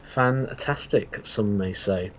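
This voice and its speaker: A man's voice: lowish voice, takes it slowly. A man hosting a casual live watch-along stream, chatting easily and thanking viewers for their donations. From England. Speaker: host.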